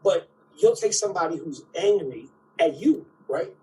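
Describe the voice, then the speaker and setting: A man's voice: fairly high pitch, lively intonation, moderate pace, a little mellow, distant mic, a little hiss or hum, poor audio. A man giving a spiritual talk, who keeps checking in with "right?" and acts out quoted voices.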